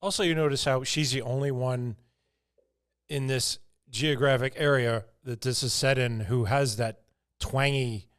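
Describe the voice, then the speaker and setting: A podcast co-host drops dry, sarcastic comments about the movie in casual chat. His voice sits at an ordinary middle pitch. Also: steady tone, measured pace, fairly bright tone.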